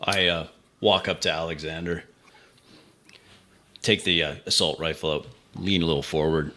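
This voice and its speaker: Brief: deep-voiced man with a hard, punchy tone calling out combat moves at the game table. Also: steady tone, normal speed, pushed and bright. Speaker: player. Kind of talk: tabletop game play, narrating actions.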